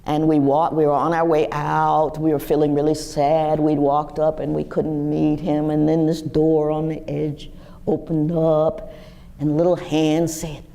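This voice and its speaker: Woman in her sixties, guest speaker, animated storytelling, low gravelly voice. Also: a little slow. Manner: lively, animated storytelling with wide pitch swings. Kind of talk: storytelling talk to a live audience.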